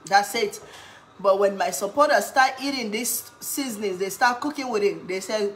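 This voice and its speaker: A woman chatting casually in an eating vlog, humming with pleasure between bites and cheering when something catches her eye, then giving a playful pitch for her own products. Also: moderate pace, a bit bright, slight background noise. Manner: chatty, talks while eating, hums with pleasure, bursts into cheers. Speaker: cooking vlogger.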